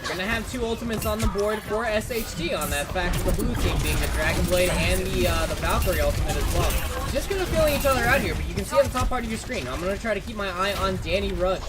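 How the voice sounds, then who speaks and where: A man casting an esports match, shouting on big plays and laid-back in the banter between. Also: high voice, animated, fast talker, hardly any pauses, loud music behind the voice. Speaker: esports caster. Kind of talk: esports play-by-play commentary.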